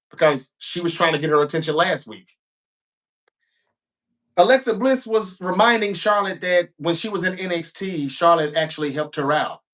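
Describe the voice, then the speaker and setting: A man's voice: on the high side, moderate pace, long pauses, fairly bright tone. A man hosting a show, recapping a wrestling episode in a casual, chatty way with offhand asides.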